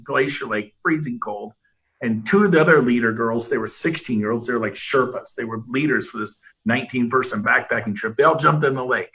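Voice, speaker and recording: Fired-up man with a bright, forceful voice. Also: mid-range voice. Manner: emphatic, fired-up, rambling with restarts. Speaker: real estate brokerage leader, panel host. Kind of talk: motivational panel talk with storytelling.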